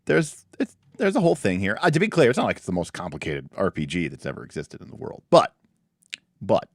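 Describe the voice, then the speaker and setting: Animated low-voiced man hosting a livestream. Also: brisk, no room sound, clean studio sound. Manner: animated, many restarts and asides. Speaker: livestream host. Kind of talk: casual chat reviewing a tabletop game.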